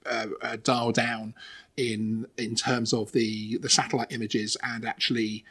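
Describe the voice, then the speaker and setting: A man's voice: mid-range voice, level tone, unhurried, a bit bright. A man hosting an interview, enthusiastic and full of restarts as he asks a developer about an app. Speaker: channel host interviewing a developer. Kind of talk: casual interview.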